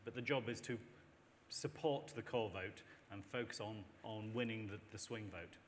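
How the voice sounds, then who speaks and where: A man's voice: on the low side, normal speed. A man speaking on a panel, making an emphatic, persuasive case. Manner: emphatic, persuasive, animated with mock voices. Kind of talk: panel discussion. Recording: long reverb in a hall, faint noise.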